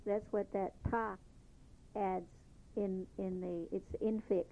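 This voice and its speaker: A woman teaching a language lesson, patiently repeating each phrase slowly before explaining it. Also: mid-range voice, steady tone. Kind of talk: slow spoken language lesson. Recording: tinny phone-like lo-fi recording.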